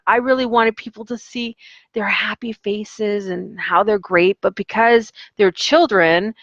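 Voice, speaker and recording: A woman's voice: mid-range voice, a bit bright, no echo, muffled recording. A woman, an online English teacher, chatting casually in a vlog with a rambling, filler-heavy manner. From Canada.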